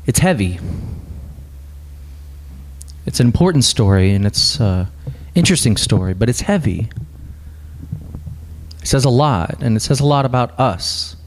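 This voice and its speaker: A man preaching a sermon, hoarse and raspy from a cold, talking in an earnest, conversational way. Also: medium pitch. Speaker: pastor.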